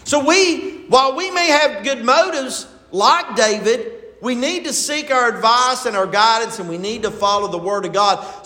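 A man's voice: high voice, sharp tone. A pastor preaching a sermon in church, asking his congregation rhetorical questions with rising emphasis. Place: church sanctuary. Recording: echoey church hall.

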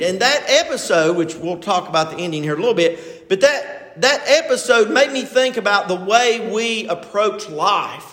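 High-voiced older preacher in an echoey hall. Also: male voice, animated, moderate pace, fairly bright tone. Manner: folksy storytelling, retelling a TV episode. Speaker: pastor. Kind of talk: sermon.

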